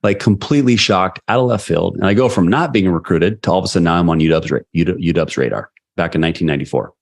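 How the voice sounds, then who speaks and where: A man's voice: low-pitched, fast talker, gravelly. A middle-aged man, a sales leader and coach, telling a personal story as a guest in a podcast interview and acting out the voices of the people in it. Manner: animated storyteller who acts out quoted voices.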